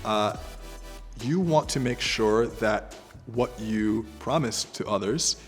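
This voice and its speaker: A man giving freelancing advice straight to the camera, talking in a direct, conversational way that turns animated. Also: on the low side, takes it slowly, big-room sound, soft background music. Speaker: entrepreneur guest giving advice.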